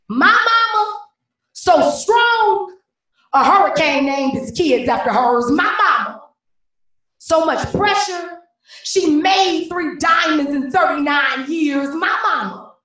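A woman performing slam poetry in a high, bright voice. Her delivery is rhythmic and emphatic, and she drives each line home in slow, deliberate beats. She is picked up from across a very echoey room. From Cleveland, Ohio. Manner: rhythmic, emphatic declamation with repeated refrains. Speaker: slam poet. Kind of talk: spoken-word poetry performance. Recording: very echoey room, mic at a distance.

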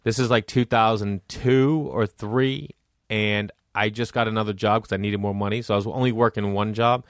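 A man's voice: fairly low pitch, moderate pace, clear, resonant tone, no room sound, clean studio sound. A man, a stand-up comedian, telling stories in casual podcast chat and acting out the voices of people he quotes. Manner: animated, acts out quoted voices.

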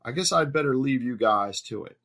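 A man voicing a confident, smug young lover in a relaxed, easygoing way, close to his own voice. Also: mid-range voice, fairly quick, voice pushed up.

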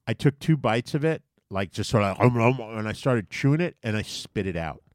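A man co-hosting a casual podcast chat, swearing freely and rambling through stories with lots of halting restarts. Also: mid-range voice, lively intonation, dry recording, clean studio sound. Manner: profane, rambling, with frequent filler restarts. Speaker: podcast co-host.

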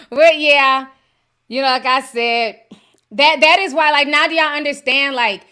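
A woman whose first language is Yoruba, hosting a livestream podcast in casual chat and reading viewer messages, talking in a chatty, animated way with frequent laughs. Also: sits high, unhurried. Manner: chatty and animated, laughs often, slangy asides.

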